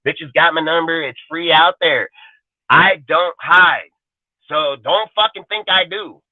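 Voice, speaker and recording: Brief: man, higher-pitched voice, angry profane livestream rant, tinny phone-like sound, dry. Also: slow pace, no room sound. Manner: profane, confrontational, taunting. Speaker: channel host.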